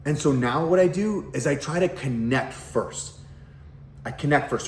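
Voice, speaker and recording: Middle-aged man, blunt parenting coach, swears a lot, echoey home room, faint background hum. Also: medium pitch. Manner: blunt, frequent swearing, rhetorical questions. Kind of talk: casual direct-to-camera talk. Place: at home, kitchen nearby.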